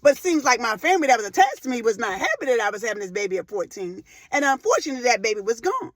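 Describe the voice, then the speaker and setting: High-voiced impassioned woman speaker. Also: sing-song, rapid-fire, no echo. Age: 40s. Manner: impassioned and emphatic, repeating phrases for effect; rises to loud emotional outbursts. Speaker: motivational speaker. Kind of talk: faith-based motivational talk.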